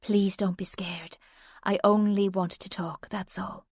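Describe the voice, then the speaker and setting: Woman whispering as a nervous, soft-lilting young woman. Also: medium pitch, a little slow, dry recording, clean studio sound, lightly acted. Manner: hushed, urgent pleading.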